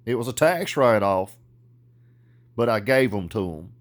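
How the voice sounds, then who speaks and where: A man with a Southern US accent ranting in a vlog, boastful and profane, growing loud and worked up. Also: on the low side, animated, unhurried. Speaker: vlogger.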